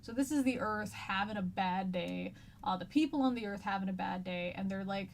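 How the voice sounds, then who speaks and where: A woman's voice: medium pitch, brisk, gravelly, a little hiss or hum. A woman teacher giving a casual, chatty lecture, paraphrasing old texts in slangy everyday words.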